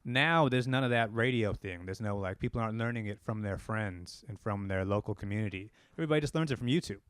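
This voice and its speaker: A man co-hosting a podcast, arguing his point in an animated, opinionated way and swearing casually. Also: lowish voice, fast talker, smooth, dry recording. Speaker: podcast co-host. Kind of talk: casual chat.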